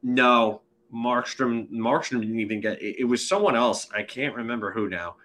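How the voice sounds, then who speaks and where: A man's voice: mid-range voice, moderate pace, a bit bright. A man co-hosting a casual sports podcast, rambling with many fillers and restarts. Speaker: podcast co-host.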